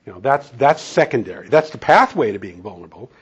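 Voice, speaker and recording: A man's voice: medium pitch, very animated, fast talker, husky, lo-fi sound. A man preaching a sermon in a conversational, storytelling way, chuckling now and then. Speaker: pastor and counselor.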